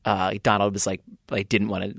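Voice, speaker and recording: A man's voice: fairly low pitch, level tone, a little fast, creaky, fairly bright tone, no echo, studio quality. A man, a band's lead singer, telling rambling anecdotes as a podcast guest and acting out the people he quotes. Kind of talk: casual interview storytelling.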